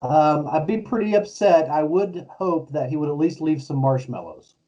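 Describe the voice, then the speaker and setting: Laid-back middle-aged male co-host, slightly higher voice, distant dull recording. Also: animated, moderate pace, warm tone. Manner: laid-back, chuckling, storytelling. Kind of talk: casual chat. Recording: distant, muffled lo-fi mic.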